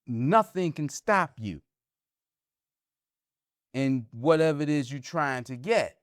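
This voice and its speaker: A man teaches during a religious discussion, frequently pausing to ask "huh?" to make sure listeners are following, and raising his pitch and force to drive points home. He speaks slowly with lively intonation, in a studio-quality recording with no room sound.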